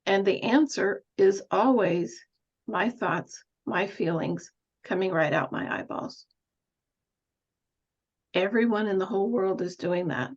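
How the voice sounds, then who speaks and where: A woman at a middle pitch speaks as a nurse coach, musing thoughtfully through her points and laughing lightly now and then. The sound is dull and lo-fi. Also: takes it slowly, husky. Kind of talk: reflective coaching talk.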